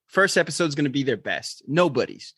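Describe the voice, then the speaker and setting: A man's voice: on the high side, big pitch swings, fast talker, fairly bright tone, slightly rough, no echo, studio quality. A man from Texas, co-hosting a casual podcast chat, laughing often and swearing casually. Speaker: podcast co-host.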